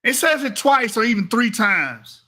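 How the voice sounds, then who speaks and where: A man's voice: very high-pitched, animated, moderate pace, pushed and bright. A man giving heated reaction commentary, mocking and profane as he corrects someone's reading of a paper.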